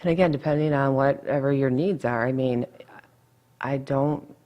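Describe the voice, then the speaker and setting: A woman's voice: rumbling low, moderate pace, dark tone. A woman dietitian talking casually in an interview, blunt and chatty, full of asides.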